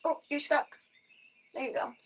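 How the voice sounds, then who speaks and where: A woman livestreaming from home, chatting casually and cooing baby talk to her cat. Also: normal speed.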